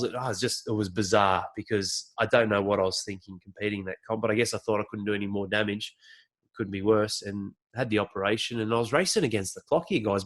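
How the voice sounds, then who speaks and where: A man in his thirties with an Australian accent, telling a personal story and acting out his own past reactions. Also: medium pitch. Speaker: vlogger.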